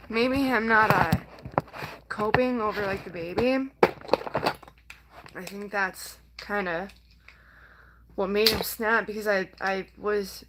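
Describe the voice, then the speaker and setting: A woman's voice: mid-range voice, heavy background noise. A young woman vlogger talking casually to her viewers, rambling with many fillers and sometimes close to tears. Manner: rambling, halting, full of "like" and "um"; emotional, near tears at times. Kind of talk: casual personal talk to camera.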